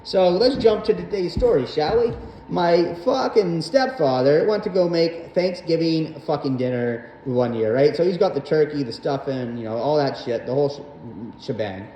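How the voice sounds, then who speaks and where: A man's voice: a little high, expressive, normal speed, dark tone, highs cut off. A young man hosting a podcast, telling a rambling personal story full of swearing and fillers. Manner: rambling, profane, frequent fillers. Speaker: podcast host. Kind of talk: casual storytelling monologue. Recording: roomy echo, faint background noise.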